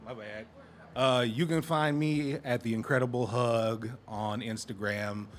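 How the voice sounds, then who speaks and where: A man from Portland, Oregon performing a defiant, profane spoken word poem at an open mic, his voice building to shouted lines. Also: medium pitch, fairly even intonation, unhurried, slight background noise. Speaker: performing poet. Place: live open mic in a community center.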